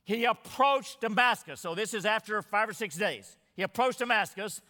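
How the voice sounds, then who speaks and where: A man's voice: high voice, moderate pace, pushed and bright. A man preaching an expository sermon, reading scripture aloud with earnest, dramatic emphasis. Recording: long hall reverb.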